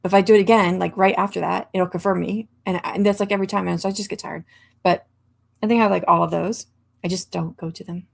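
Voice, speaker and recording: Chatty woman with a gravelly low voice. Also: fairly even intonation, quick pace. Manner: chatty, rambling with many fillers and laughs. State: hiccups. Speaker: livestream host. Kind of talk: casual chat reading viewer comments.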